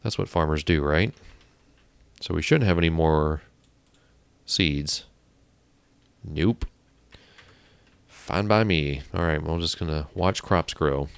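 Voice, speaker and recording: A man's voice: very deep voice, slow, gravelly, pauses often, smooth, dry recording. A man casually commenting on his own gameplay, muttering to himself and getting exasperated with the characters he controls. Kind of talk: casual let's-play commentary. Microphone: desk mic on a stand.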